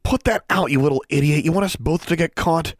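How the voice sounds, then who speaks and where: A man's voice: fairly low pitch, lively intonation, fairly quick, dry recording, clean studio sound, voice pushed up, natural voice. A man voicing a contemptuous teenage wizard bully who taunts with mocking scorn in a storybook reading. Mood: sneering.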